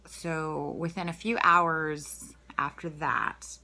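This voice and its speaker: A woman's voice: low voice, fairly even intonation, slow, sharp tone. A woman just out of bed, talking candidly in a rambling video diary with lots of fillers and restarts. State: just woken up. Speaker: vlogger.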